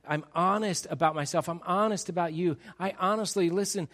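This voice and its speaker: A man preaching a sermon to his congregation, animated and emphatic, teasing the crowd and acting out quotes. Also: sits high. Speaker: pastor.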